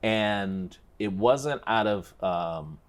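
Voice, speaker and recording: A middle-aged man with a fairly low voice, speaking as a guest in a relaxed chat. He tells his story with animation and a flair for the dramatic, building toward each turn. He sounds easygoing and conversational. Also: drawn-out words, clean tone.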